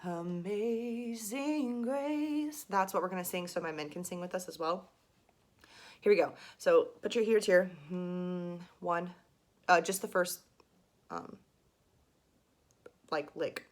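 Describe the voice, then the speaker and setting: A woman's voice: on the low side, unhurried, pauses often. A young woman giving a casual singing lesson to camera, chatty and full of fillers and asides. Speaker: singing teacher.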